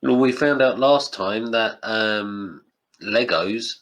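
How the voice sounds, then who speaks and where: Low-voiced man chatting casually. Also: slow pace, fairly bright tone. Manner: chatty, laughs often, drops into mock quotes. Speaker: podcast host. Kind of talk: casual chat.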